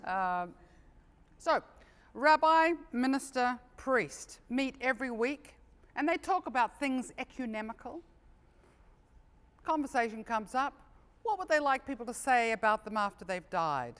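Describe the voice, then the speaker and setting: A New woman tells stand-up jokes in a bright, fairly high voice. Her chatty asides ring out in a long hall reverb. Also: a little slow, smooth. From New Zealand. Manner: lively storyteller, chatty asides. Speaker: comedian. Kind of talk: stand-up joke telling.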